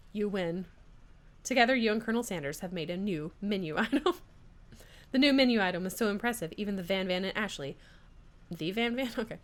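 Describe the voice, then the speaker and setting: A woman streamer reading a dating game aloud in a giggly, playful way. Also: medium pitch.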